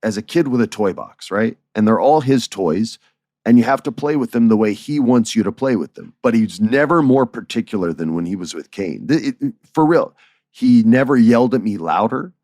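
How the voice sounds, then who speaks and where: A man hosting a podcast, telling stories in a casual, animated way, chuckling and acting out dialogue. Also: lowish voice, moderate pace, no room sound, clean studio sound. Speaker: podcast host. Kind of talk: casual storytelling.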